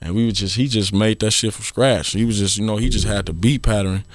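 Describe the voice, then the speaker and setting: Guest rapper, young man from Watts, lowish voice, dry close studio mic, loose rambling storyteller. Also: fairly quick, no room sound. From Watts, Los Angeles. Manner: relaxed storytelling, many restarts and "you know what I mean". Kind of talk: casual radio interview. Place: radio studio.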